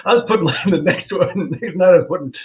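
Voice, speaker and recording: A man's voice: high voice, lively intonation, fast talker, crowd noise. A man, a comedian, telling stories in casual chat and acting out quoted voices with animation. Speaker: comedian guest. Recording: tinny phone-like call audio.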